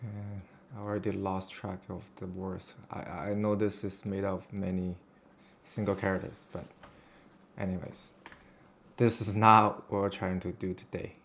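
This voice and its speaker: A man with a very deep, gravelly voice talks slowly and flatly. He stumbles through a casual lesson, hesitant and self-deprecating. Faint noise sits behind him. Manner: halting, self-deprecating, with fillers. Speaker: teacher.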